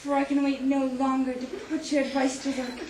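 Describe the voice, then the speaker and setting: A woman's voice: high-pitched, level tone, fairly quick, darkish tone, slight background noise, natural voice. A woman playing an earnest, grateful mademoiselle. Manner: gushing, formal old-fashioned phrasing. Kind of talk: amateur stage play acting. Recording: echoey hall.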